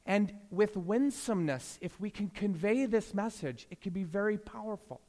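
A man preaching a sermon as a pastor, telling stories and swinging between hushed, slow passages and emphatic rises. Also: high voice, lively intonation, long reverb tail.

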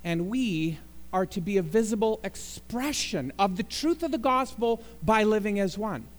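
A man's voice: sits high, expressive, normal speed. A man preaching a sermon as pastor, telling jokes and building to emphatic appeals in a church sanctuary. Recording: long reverb in a large hall.

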